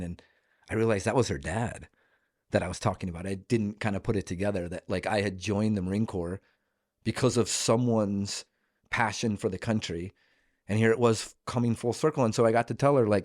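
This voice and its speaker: Man from Idaho, forties, heartfelt, casual guest talk, lowish pitch, restarts a lot. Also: a little mellow, dry recording, clean studio sound. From Idaho, USA. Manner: earnest, heartfelt, with many fillers and restarts. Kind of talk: casual conversation.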